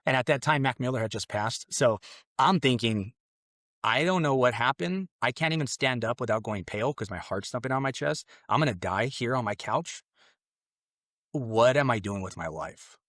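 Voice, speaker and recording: With an animated delivery at normal speed, a man in his late twenties tells a podcast about his conversion, loose and earnest, acting out his past thinking. His voice sits in the mid range and is a bit bright. The audio is clean studio sound with no room sound.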